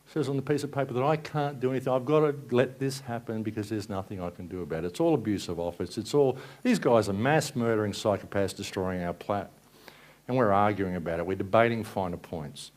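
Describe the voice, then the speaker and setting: A man's voice: fairly low pitch, quick pace, a little mellow. A man giving an angry, sarcastic presentation at a live event, swearing and ranting. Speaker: speaker at a conference.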